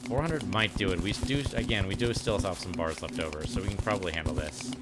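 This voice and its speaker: Low-voiced, laid-back gaming host. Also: male voice, fast talker, heavy background noise. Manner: relaxed, rambling, joke-telling. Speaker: let's play host. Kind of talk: casual gameplay commentary.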